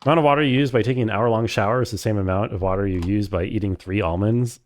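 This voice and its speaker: A man's voice: on the low side, quick pace. A man casually commenting while he plays a story game, chatty and wry and thinking aloud. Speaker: game streamer.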